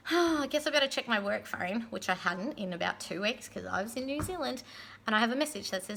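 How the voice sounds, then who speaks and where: A young woman giving chatty, casual advice in a vlog, often checking in with "yeah?" and filling pauses with "um". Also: a little high, animated, gravelly, fairly bright tone, slight background noise. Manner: chatty, frequent "yeah?" tag questions and ums. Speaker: pole and aerial competition vlogger.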